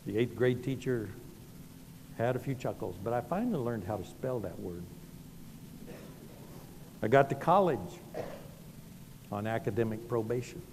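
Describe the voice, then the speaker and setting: A middle-aged Southern pastor preaches with a mellow, dark voice, telling homely stories that poke fun at himself. His words ring out with a long reverb in a large hall, and faint noise sits under them. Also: medium pitch, lively intonation, moderate pace, vocal fry, pauses often. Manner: folksy storytelling, self-deprecating. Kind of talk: sermon.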